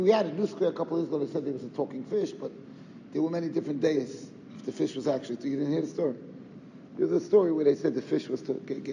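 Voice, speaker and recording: A man with a mellow, slightly high voice teaches a Torah lecture, asking rhetorical questions and using Yiddish and Hebrew terms. The sound is dull and lo-fi, with roomy reverb and faint noise.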